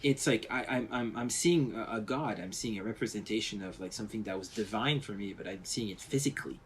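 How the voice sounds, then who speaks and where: There's a little hiss or hum behind a man's lowish, slightly fast voice. He's a visual effects artist from France telling animated stories in a casual interview, frequently restarting and acting out the voices of people he quotes.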